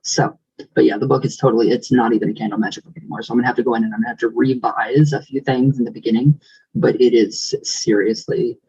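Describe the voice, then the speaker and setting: A man hosts a chatty vlog, greeting his viewers one by one in a husky, mid-pitched voice. He rambles through fillers and restarts and sometimes rolls his R's. The recording sounds dull and lo-fi. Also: darkish tone. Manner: rambling and affectionate, many fillers. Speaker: vlogger reading viewer comments. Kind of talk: casual chat.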